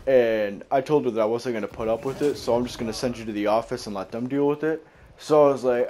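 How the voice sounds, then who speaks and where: A young man with a mid-range, dark-toned voice talks at a quick pace, with a little hiss or hum on the recording. He's casually telling a long story from his school days, rambling, swearing, and correcting himself as he goes.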